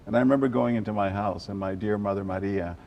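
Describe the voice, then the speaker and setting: An older man from South Texas, an animated storyteller who drops Spanish phrases into his answers during an interview. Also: lowish voice, fast talker, vocal fry, muffled recording, slight background noise. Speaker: journalist guest.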